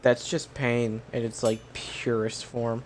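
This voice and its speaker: A man's voice: mid-range voice, level tone, slow pace, a little hiss or hum. A man streaming a video game, commenting live, swearing often and talking to himself as he plays. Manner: frustrated, swears a lot, talks to himself. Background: game music.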